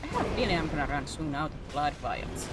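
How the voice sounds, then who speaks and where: A woman's voice: sits low, very animated, fairly quick, heavy background noise. A woman hosting a gaming stream, chatting casually with friends in a giggly, teasing, restless way. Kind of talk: casual chat while gaming. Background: game music.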